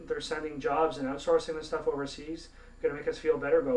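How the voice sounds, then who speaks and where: Speaking a little fast in a fairly high voice, a gaming vlogger from Canada delivers an indignant, profanity-laced rant straight to camera. The monologue is captured in a roomy space by a distant microphone.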